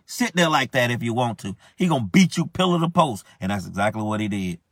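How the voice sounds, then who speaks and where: A man's voice: mid-range voice, lively intonation, fast talker, hardly any pauses, no room sound, clean studio sound. A man preaching a sermon, urging listeners with impassioned, repetitive exhortation.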